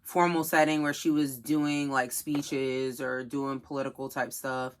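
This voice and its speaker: A woman's voice: very deep voice, level tone, measured pace. A woman co-hosting a podcast in casual chat, rambling with lots of fillers. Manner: chatty, full of fillers like "kinda". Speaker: podcast co-host.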